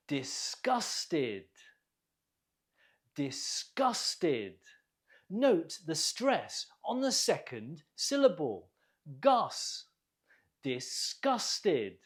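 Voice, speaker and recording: An English teacher giving an online vocabulary lesson, drilling words slowly and deliberately and praising the learner after each repetition. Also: medium pitch.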